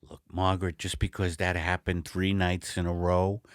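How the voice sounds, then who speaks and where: A man voicing Al, a bumbling, apologetic middle-aged husband, in a low mumbling voice in an improvised comedy sketch. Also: level tone, moderate pace. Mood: sheepish. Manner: low, gravelly, mumbling and sheepish. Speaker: comedy podcast co-host.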